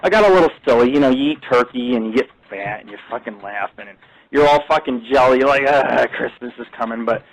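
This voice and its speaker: A man hosting an internet radio show, telling a crude, boastful story in loud, profane casual talk from a home studio. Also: medium pitch, fast, poor audio.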